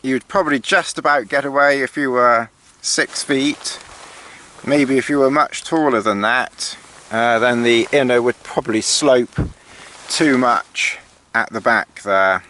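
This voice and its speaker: Here the outdoor gear reviewer has a mid-range voice that's unhurried, bright, and forceful. He tours the tent from inside in a casual, hesitant way with dry sarcastic remarks, faint rain sounding on the fabric.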